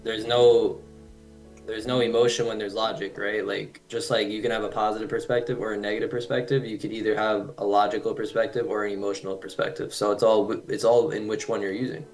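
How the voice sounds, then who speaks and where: A man's voice: on the low side, little pitch movement, a little fast, faint music behind. A man co-hosting a trading stream who explains things step by step with examples, often adding "right". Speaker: trading livestream co-host. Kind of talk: casual livestream chat.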